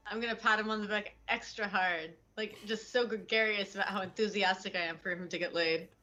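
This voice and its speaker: Brief: bright-voiced female player, playful and crude, lo-fi dull mic. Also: mid-range voice, steady tone, slight background noise. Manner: playful, swearing, quick to laugh. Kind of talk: casual tabletop role-play.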